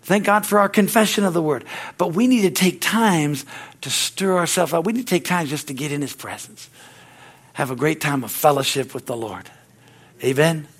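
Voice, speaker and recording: A man's voice: moderate pace, slightly rough. A middle-aged man preaching a sermon in church, fervent, with repeated words and frequent amens. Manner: stories grow loud and high-pitched. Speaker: pastor.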